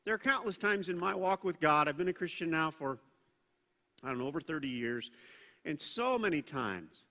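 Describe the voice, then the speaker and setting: A middle-aged man preaches a sermon in a loose, conversational way, tossing in jokes and sudden bursts of emphasis. His voice is bright and sits a little high for a man. The sound rings out with the long reverb of a large church hall. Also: animated, moderate pace. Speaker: pastor.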